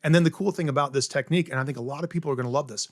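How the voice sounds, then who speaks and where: A middle-aged South Carolina chef, guesting on an interview podcast, speaks in a slightly high voice at a racing pace. The studio-quality recording has no echo. Eager and casual, he walks through his cooking step by step, often checking in with "right?"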